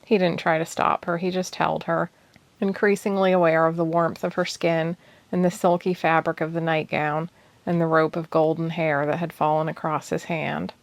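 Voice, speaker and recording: Low gravelly woman reading a story. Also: little pitch movement, moderate pace, dry recording. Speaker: audiobook reader. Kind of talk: storybook narration.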